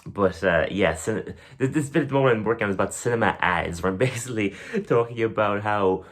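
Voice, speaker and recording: A young Irish comedian and podcast host rambles casually through his bits, acting them out in silly voices. His own voice is fairly low and brisk.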